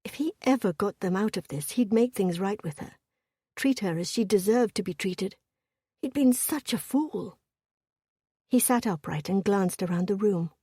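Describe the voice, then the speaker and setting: A woman narrating a historical romance audiobook in a steady, measured storytelling voice. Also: mid-range voice, no echo, studio quality.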